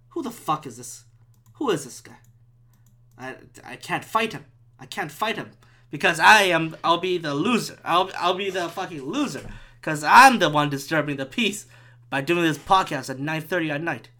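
A man's voice: fairly high pitch, animated, normal speed, bright, forceful tone. A man, a former stand-up comic, ranting alone on his podcast at home in a profane, rambling, exasperated way. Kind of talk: solo podcast rant. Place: room at home with the window open.

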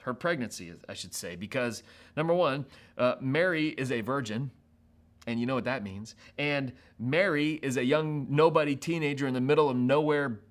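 A pastor preaching a sermon to an online audience, acting out people's reactions with laughs and quick asides. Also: male voice, mid-range voice. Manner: animated, acts out quoted reactions with laughs.

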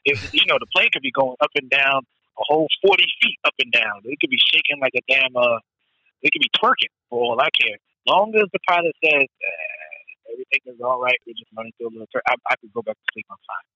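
A man in loose, animated casual chat who acts out his own nervous thoughts and swears freely. His voice is bright and forceful. It is recorded dry and close, with no room sound. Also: mid-range voice, fast talker, no room sound, poor audio.

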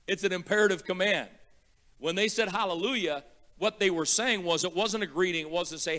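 Male guest pastor, fairly high pitch, emphatic sermon delivery that swells into loud praise. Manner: emphatic, builds to shouting praise; repeats words slowly for teaching.

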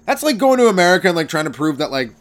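A man, a comedian hosting his own podcast, riffing through a stand-up monologue, swearing freely and breaking into loud exaggerated voices. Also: high voice, sing-song, rapid-fire. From Canada.

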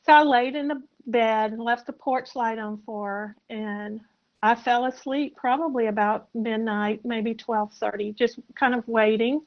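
A woman in her sixties from South Carolina, a podcast guest telling a personal story in a soft, halting, reflective way. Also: a little high, fairly even intonation. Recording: muffled lo-fi audio.

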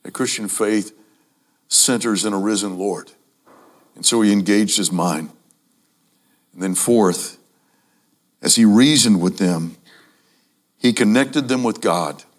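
A man preaching a sermon to a congregation, emphatic, repeating key phrases and speaking to the audience as ladies and gentlemen. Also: lowish voice, slow pace, pauses often.

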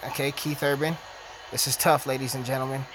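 A man's voice: mid-range voice, level tone, a little fast. A man hosting his podcast, ranting in a heated, profane, casual way. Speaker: podcast host.

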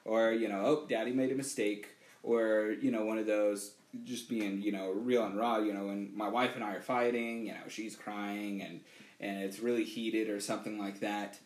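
A man's voice: fairly low pitch, flat delivery, moderate pace. A man chatting casually as a podcast co-host, speaking earnestly and leaning on "you know" as he talks about parenting. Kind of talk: casual chat. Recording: echoey room.

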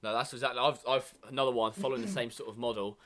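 A man's voice: medium pitch, fairly even intonation, rapid-fire, fairly bright tone. A man from England co-hosting a casual podcast, rambling with many ums and restarts. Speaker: podcast co-host. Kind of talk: casual banter.

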